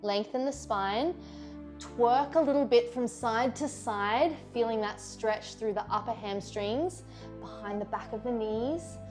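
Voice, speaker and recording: A woman teaching a vinyasa yoga class, giving calm step-by-step breath and pose cues with encouraging, playful asides. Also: fairly high pitch, measured pace, soft background music. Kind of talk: guided yoga class instruction.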